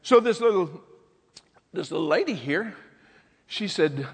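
A man's voice: high voice, big pitch swings, moderate pace, long pauses, husky, long reverb tail. Emphatic older male pastor preaching. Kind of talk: sermon.

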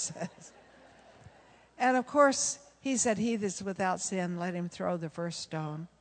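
A woman, a pastor's wife, preaching a sermon and telling stories, acting out the dialogue and often laughing. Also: mid-range voice. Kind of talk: sermon with storytelling. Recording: long reverb of a large hall.

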